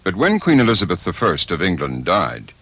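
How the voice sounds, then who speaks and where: A man narrating a documentary in a measured, scripted way. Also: sits low, wildly swooping pitch, a bit bright, slightly rough, no room sound.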